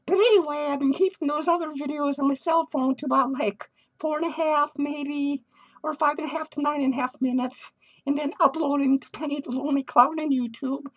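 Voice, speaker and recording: Giddy, tipsy, and hyper, a male clown character rants crudely and swears his way through a manic home-studio vlog, his thoughts drifting all over. His shrill voice sits far above typical speaking pitch and cracks into cackling laughter, yet his tone holds steady and he talks a little fast.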